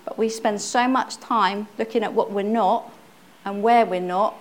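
A middle-aged woman shares her testimony from the pulpit in an earnest, conversational way. Her voice sits at an ordinary middle pitch, and she often stumbles and restarts a phrase before pressing on. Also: fairly even intonation, unhurried. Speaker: church speaker, pastor's wife. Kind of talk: personal testimony sermon.

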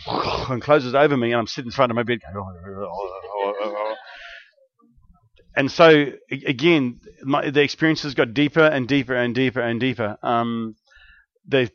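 A man telling a long spiritual testimony in an animated, rambling way, with many restarts and bursts of excitement. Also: mid-range voice, dry recording. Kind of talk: testimony storytelling. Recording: dull, dry lo-fi recording.

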